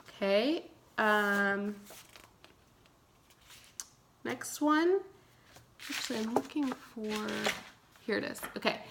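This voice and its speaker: Bright-voiced woman teacher drilling vocabulary slowly. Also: a little high, slight background noise. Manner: slow, clear repeat-after-me drilling. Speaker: Spanish teacher. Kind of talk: remote vocabulary lesson.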